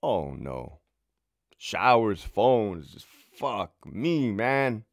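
A man's voice: lowish voice, very animated, extremely slow, dry recording, studio quality. A man, a former prison sergeant, telling his own story to camera in a casual, heated, profanity-filled way.

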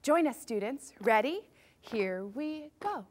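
Woman music teacher, high voice, very animated pitch, upbeat, children's lesson, guiding warm-ups. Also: slow pace, heavy background noise.

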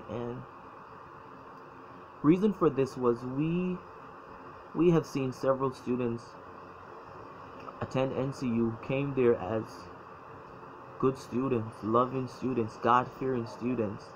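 A man telling his personal faith story, halting and emotional, often repeating words as he speaks. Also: mid-range voice. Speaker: former church member telling his story. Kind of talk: personal testimony. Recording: dull lo-fi sound, faint noise.

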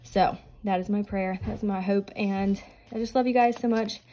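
A woman's voice: medium pitch, fairly even intonation, normal speed, slight background noise, poor audio. A young adult woman hosting a budgeting vlog, chatting earnestly, slightly out of breath from pregnancy. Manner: soft, earnest, prayerful. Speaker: budgeting channel host. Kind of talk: casual chat and scripture reading.

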